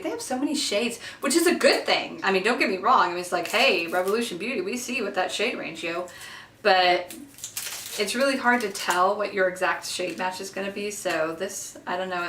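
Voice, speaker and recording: A woman in her thirties who has children, excitedly unboxing makeup in a casual vlog recorded in her bathroom, gushing with lots of fillers. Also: medium pitch, a little hiss or hum. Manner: giddy and gushing, with many fillers. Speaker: beauty vlogger. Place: home bathroom. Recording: echoey bathroom, mic a bit far off.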